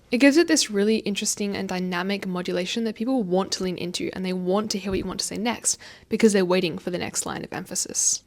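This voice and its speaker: Young woman, podcast host, quick expressive delivery, light laughter, occasional stutter, speaking to her camera at home. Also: mid-range voice. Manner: fast-talking, expressive, laughs often, slight stutter. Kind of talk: casual advice monologue. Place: home, indoors. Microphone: facing own camera.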